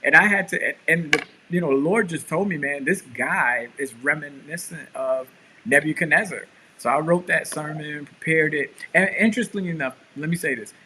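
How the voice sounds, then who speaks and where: Bright-voiced man telling a story. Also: a little high, fast talker, few pauses, slight background noise, rough recording. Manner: animated storyteller, acts out quotes. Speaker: pastor and co-host. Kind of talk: casual storytelling chat.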